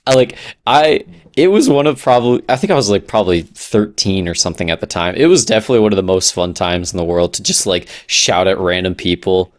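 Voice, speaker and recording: A man in his twenties talking casually on a podcast, blunt and quick to get animated. His voice sits fairly low. He speaks plainly and with energy. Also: dry recording. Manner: blunt, animated, with shouted gamer impressions. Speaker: podcast co-host. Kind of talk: casual chat.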